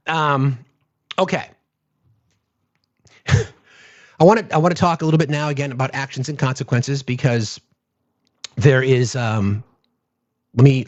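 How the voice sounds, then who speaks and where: A blunt, sarcastic man talks to his live-stream viewers in casual commentary and swears freely. His voice sits at a middling pitch. The audio is dull and lo-fi. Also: darkish tone.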